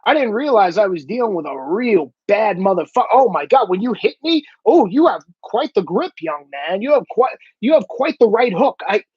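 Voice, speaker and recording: A man's voice: high voice, very animated, moderate pace, few pauses, a little mellow, husky, no echo, muffled recording, exaggerated voice. A man voicing a mock-meek male police officer who sarcastically pleads not to be hurt. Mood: mock pleading.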